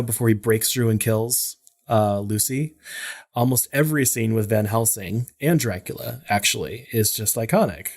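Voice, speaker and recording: A man co-hosting a podcast, chatting enthusiastically and listing favorite scenes with plenty of fillers. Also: lowish voice. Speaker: podcast co-host. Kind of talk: casual chat.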